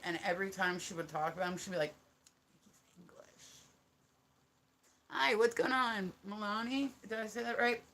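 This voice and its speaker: A woman's voice: mid-range voice, sharp tone, slight background noise. A woman with a New Jersey accent chatting casually on a livestream, rambling, laughing often and swearing casually. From United States. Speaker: live streamer. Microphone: phone.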